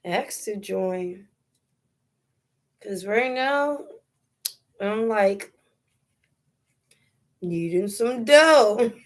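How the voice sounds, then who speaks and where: In a casual phone livestream, a young woman from New York City talks in a mid-range voice with lively intonation. Her delivery is unhurried and stretched out, with a New York accent, frequent laughter and lots of slang.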